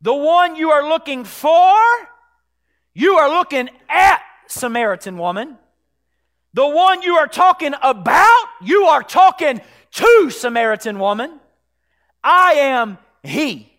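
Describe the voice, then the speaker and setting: A pastor preaching a sermon to his church, swinging from hushed, whispered lows to shouted climaxes. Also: sing-song, takes it slowly. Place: church sanctuary.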